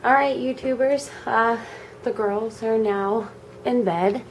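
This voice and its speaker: A young woman vlogger at home, telling a personal story in a casual, animated way. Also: fairly high pitch, slow, a little hiss or hum, rough recording. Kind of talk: storytime vlog. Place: home at night.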